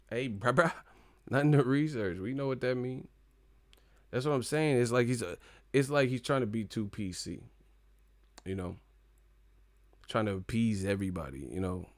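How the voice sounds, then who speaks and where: A man's voice: medium pitch, normal speed, long pauses, dry recording. Profane joking man on a live stream. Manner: profane, joking, mocking rants. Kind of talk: casual live-stream commentary.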